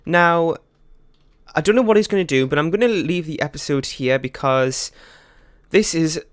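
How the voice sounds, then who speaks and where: A man's voice: fairly high pitch, dry recording, studio quality. Chatty man narrating a life-sim game. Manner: rambling and chatty, many fillers, quick laughs. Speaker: let's play host. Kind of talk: casual gameplay commentary.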